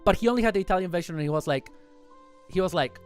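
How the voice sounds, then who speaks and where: A livestream host chatting casually over photos in a rambling, excitable way, often correcting themselves mid-sentence. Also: medium pitch, racing, clean tone, faint music behind.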